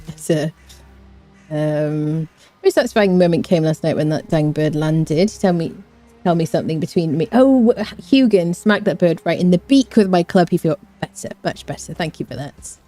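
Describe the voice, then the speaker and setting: Mellow-voiced woman streamer, lively. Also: deep voice, moderate pace, faint music behind. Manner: chatty, rambling, hums and scats to herself, reads chat. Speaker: gaming streamer. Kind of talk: casual live-stream chat while playing.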